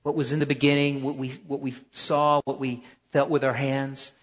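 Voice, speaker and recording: A man teaching a Bible class, emphatic and animated, often repeating words as he restarts. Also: mid-range voice, moderate pace. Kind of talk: classroom lecture. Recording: muffled, roomy lecture hall recording.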